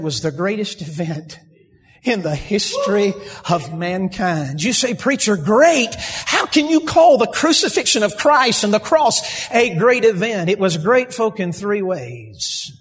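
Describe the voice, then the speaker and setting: A man preaching a sermon, building to shouted emphasis. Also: high-pitched. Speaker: pastor. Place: church sanctuary. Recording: long hall reverb, husky.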